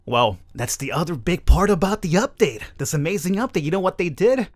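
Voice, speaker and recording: A man's voice: sits high, lively intonation, brisk. A man giving rambling, self-amused commentary over his mobile survival gameplay. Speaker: gaming YouTuber.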